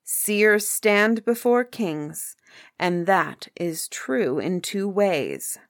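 A woman's voice: medium pitch, animated, drawn-out words, no room sound, clean studio sound. A woman voicing a humble old seer. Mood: solemn. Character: humble old male Persian seer, solemn.

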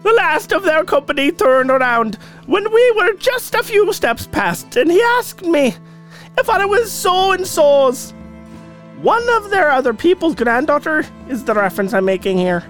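High-pitched Irish woman storyteller voiced by a man, slow and lilting, sing-song. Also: sing-song, a bit bright, faint music behind, full character voice. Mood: earnest. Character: Irish woman telling of meetings with fairies. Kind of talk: reading listener stories aloud.

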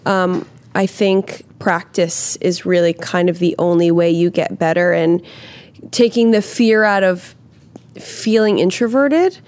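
A woman actress answering interview questions candidly, animated, acting out quoted voices and swearing casually. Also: on the low side, measured pace.

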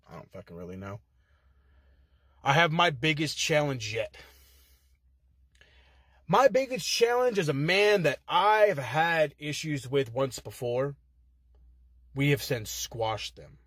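A man's voice: mid-range voice, a little slow, pauses often, a bit bright, no room sound, studio quality. A man cutting an aggressive, profane wrestling trash-talk promo from inside a car, sounding heated.

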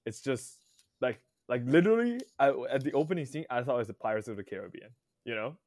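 A man's voice: mid-range voice, very animated, quick pace, a little mellow, no echo, clean studio sound. A man co-hosting a movie podcast, rambling through stories with many restarts. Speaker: podcast co-host. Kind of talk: casual chat.

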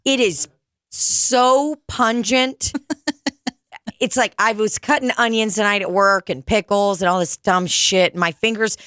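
Profane animated woman telling stories. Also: mid-range voice, no echo, studio quality. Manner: profane, animated storytelling with mocking put-on voices. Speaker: podcast co-host, bartender. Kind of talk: casual chat.

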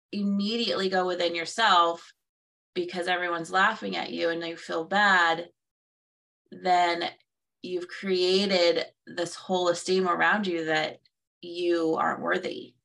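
A woman's voice: on the low side, level tone, measured pace, creaky, fairly bright tone, recorded from a distance. A woman co-hosting a casual conversation, who acts out quoted reactions and laughs at herself. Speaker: co-host.

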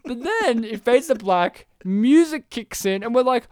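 A man, casually recapping a film on a podcast, animated and swearing often. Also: very high-pitched, unhurried, clear, resonant tone, dry recording, studio quality. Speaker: podcast co-host. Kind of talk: casual movie recap chat.

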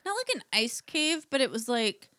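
A woman's voice: sits high, very animated, normal speed, fairly bright tone, no room sound. Chatty, giggly woman on a dry mic. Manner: chatty, giggly, rambling storyteller. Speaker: podcast co-host. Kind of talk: casual chat.

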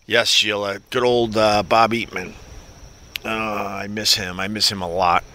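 Male stream host, bright edgy voice, rambling and foul-mouthed, reads chat aloud. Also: mid-range voice. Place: New York.

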